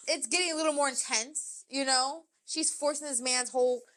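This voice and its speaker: A young woman co-hosting a podcast, telling a story in casual chat, animated and swearing, acting out quotes. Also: sits high, moderate pace. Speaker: podcast co-host.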